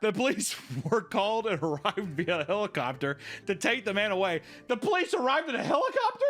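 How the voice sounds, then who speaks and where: A man's voice: sits high, sing-song, brisk, fairly bright tone, slight background noise. A man hosting a casual commentary show, reading a story aloud and joking and laughing between lines. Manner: joking, laughs often, reads then riffs. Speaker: commentary host.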